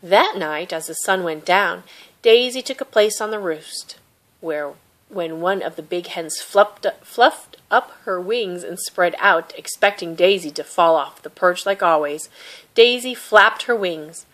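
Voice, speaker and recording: Woman narrator, lowish voice, gentle expressive picture-book read-aloud. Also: a little slow. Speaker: storybook reader.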